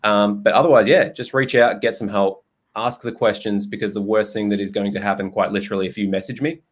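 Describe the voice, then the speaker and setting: A man's voice: on the low side, fairly even intonation, fairly quick. A young man hosting a podcast in a casual, jokey way, swearing freely and laughing often. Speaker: podcast host and nutrition coach. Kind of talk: casual chat.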